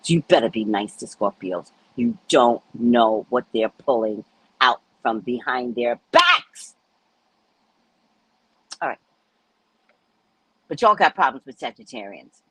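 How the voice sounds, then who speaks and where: A woman hosting a podcast tells stories slowly in a casual chat, pausing often and sounding very animated. She swears bluntly, laughs a lot, and voices the dialogue with big pitch swings. Her tone is a bit bright with a breathy edge, and the recording is rough.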